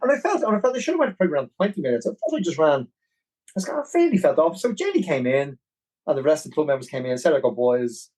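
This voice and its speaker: A man with a Dublin Irish accent, a podcast guest telling a long story in a rambling, animated way. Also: fairly high pitch, very fast, low-quality recording. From Ireland. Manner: animated, rambling, with many restarts. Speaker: podcast guest, marathon runner. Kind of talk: casual storytelling.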